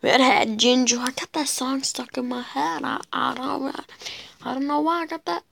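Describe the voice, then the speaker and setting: A woman's voice: sits high, steady tone, normal speed, creaky, fairly bright tone, poor audio. A teenage girl chatting casually while playing a video game, rambling and mocking herself as she goes. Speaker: gameplay commentator. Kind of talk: casual gameplay commentary.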